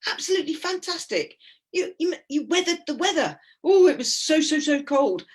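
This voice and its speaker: A woman doing a cheerful male Swiss mountain guide, his voice pitched high and bubbling. He heaps on praise in a gushing, over-the-top way. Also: sing-song, normal speed. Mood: effusive.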